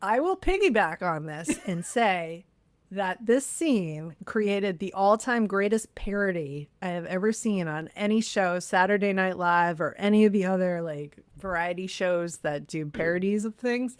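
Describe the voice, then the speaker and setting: A woman co-hosting a podcast, telling stories in a lively, enthusiastic way in casual chat. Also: mid-range voice, measured pace, few pauses. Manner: animated, enthusiastic storyteller. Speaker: podcast co-host. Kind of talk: casual chat about a film.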